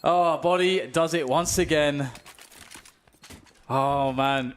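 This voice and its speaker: Excitable British play-by-play caster. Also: male voice, a little high. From United Kingdom. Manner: fast, climbing to excited shouts on big plays. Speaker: esports caster. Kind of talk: play-by-play commentary. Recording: clear background noise.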